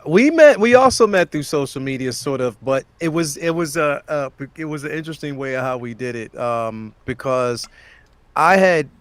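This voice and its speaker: A man's voice: medium pitch, animated, moderate pace, a bit bright, clear, resonant tone, dry recording. A man co-hosting a podcast, agreeable, answering with lots of short affirmations. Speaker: podcast co-host. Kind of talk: casual chat.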